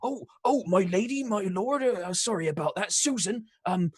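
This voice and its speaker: Nervous skinny english baker guy, stammery, raised pitch, a man doing him. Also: moderate pace, breathy edge, no echo, clean studio sound. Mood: apologetic. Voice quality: stammering, apologetic. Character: scrawny timid tall male baker.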